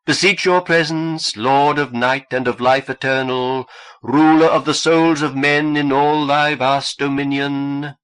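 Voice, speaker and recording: A man reading an audiobook and voicing a male cult leader who chants slowly and loudly in a sing-song way, calling on the devil. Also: medium pitch, fairly even intonation, smooth, voice pushed up, lightly acted. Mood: solemn chanting.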